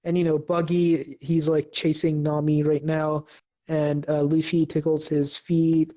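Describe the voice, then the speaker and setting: Flat-voiced young man recapping an episode. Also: a little high. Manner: halting, many fillers and restarts. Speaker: podcast co-host.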